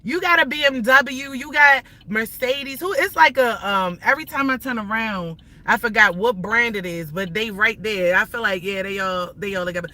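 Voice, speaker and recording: A woman's voice: a little high, moderate pace, few pauses, sharp tone, rough recording. A woman in her thirties livestreaming from inside her car as she drives, ranting in a heated, profane, rambling way. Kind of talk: ranting live stream while driving. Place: inside a car while driving.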